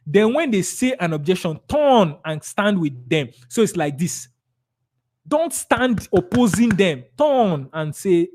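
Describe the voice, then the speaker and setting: A man's voice: high voice, very animated, a little slow, darkish tone. A man with a Nigerian accent giving a live sales training talk, emphatic and repetitive, acting out conversations with clients. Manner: emphatic, repeats key words, acts out client dialogues.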